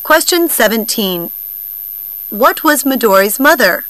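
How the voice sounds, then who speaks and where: Bright-voiced woman reading exam questions. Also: a little high, lively intonation, a little slow, dry recording, low-quality recording. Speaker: test question reader.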